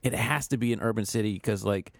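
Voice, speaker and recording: Male co-host with a gravelly, low voice and dry sound, chatty and quick with asides. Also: dry recording. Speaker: podcast co-host, comic shop worker. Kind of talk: casual chat.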